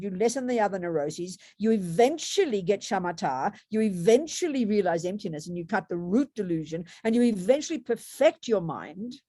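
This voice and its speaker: A woman's voice: mid-range voice, warm tone, no room sound, clean studio sound. A woman giving a Buddhist dharma talk to students, conversational, with rhetorical tag questions and frequent restarts. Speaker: Buddhist meditation teacher.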